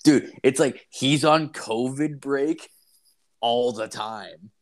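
A man's voice: medium pitch, slow. Profane rambling storyteller, man. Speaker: podcast host. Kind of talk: casual chat.

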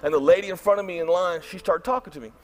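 A middle-aged man, preaching a storytelling sermon in an animated way and acting out his own thoughts. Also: high voice, rapid-fire. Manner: animated, acts out his own inner voice loudly. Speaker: pastor.

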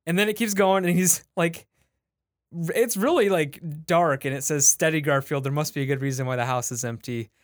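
A man's voice: on the high side, a little fast, dry recording, clean studio sound. A man, the show's producer, retelling a comic strip in casual podcast chat, full of likes and restarts.

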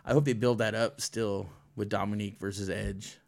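A man hosting a casual chat about wrestling, animated, laughing often and swearing a lot. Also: fairly low pitch, moderate pace, gravelly. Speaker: podcast host.

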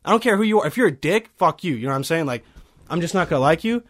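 High-voiced young man ranting. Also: racing. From Bosnia. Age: early 20s. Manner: heated, profane, animated storytelling. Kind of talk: casual chat, ranting story.

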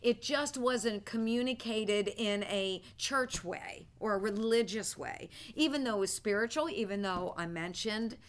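A woman teaching a ministry class, telling stories in an animated way and often breaking into laughter. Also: mid-range voice, a little slow, hardly any pauses. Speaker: church teacher.

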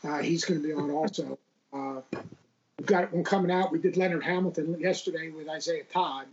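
A man's voice: on the high side, brisk, dull audio, crowd noise. A middle-aged man telling casual stories as an interview guest, rambling with lots of restarts. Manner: rambling, restarts a lot, gravelly.

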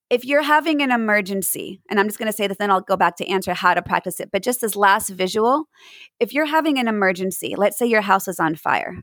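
A woman's voice: medium pitch, fairly bright tone, no room sound, low-quality recording. A woman giving mindfulness advice to parents in an interview, earnest and acting out examples as she explains.

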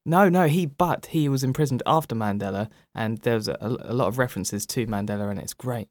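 A man's voice: medium pitch, brisk, a little mellow, no room sound, studio quality. A man in a casual podcast chat, eagerly recommending a film and repeating himself as he rambles. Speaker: podcast co-host.

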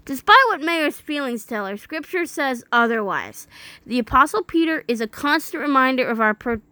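A woman reading a critique aloud and breaking off into indignant, incredulous commentary, with some halting restarts. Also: sits high, sing-song, bright, forceful tone, no room sound. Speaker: religious commentator.

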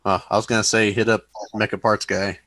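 Casting: deep-voiced man, casual hobby chat, dry close sound. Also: little pitch movement, fairly quick, a bit bright, no echo. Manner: easygoing, rambling with fillers. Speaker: model kit hobbyist on a group chat show.

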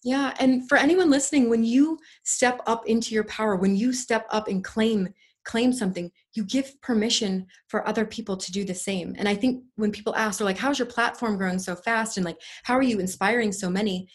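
A woman's voice: a little high, a little fast. A woman guest on a podcast, talking in a casual, effusive and earnest way, rambling with restarts. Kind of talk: casual conversational interview.

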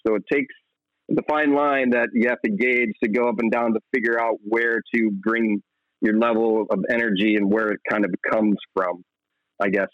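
A man's voice: lowish voice, no room sound. Young male actor guest, laid-back and rambling, lo-fi recording. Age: young adult. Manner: relaxed, rambling, laughs often. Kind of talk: casual interview talk.

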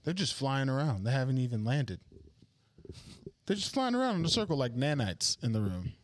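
A man's voice: mid-range voice, big pitch swings, moderate pace. A man co-hosting a podcast, chatting casually and retelling a movie with joking energy. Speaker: podcast co-host. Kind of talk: casual chat.

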